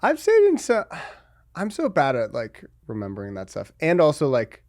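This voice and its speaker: Gravelly man with dry deadpan quips. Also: a little high, moderate pace, no room sound. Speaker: podcast guest. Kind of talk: casual comedic chat.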